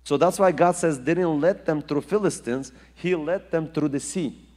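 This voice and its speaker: Man preaching, emphatic and repetitive, fairly high voice, long hall echo. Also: moderate pace, darkish tone. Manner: emphatic, rising and falling delivery with repetition. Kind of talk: sermon.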